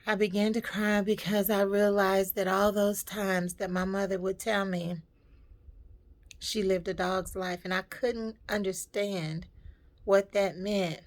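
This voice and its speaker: A woman's voice: medium pitch, little pitch movement, a little slow. A woman vlogger telling a personal story in a heartfelt, reflective and emotional way.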